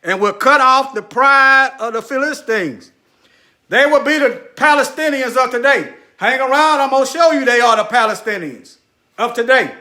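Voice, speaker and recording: A man's voice: extremely high pitch, normal speed, bright, forceful tone, reverberant. A man giving preachy commentary over a screen share. He talks straight to his viewers, repeats phrases for emphasis, and mutters asides while he searches.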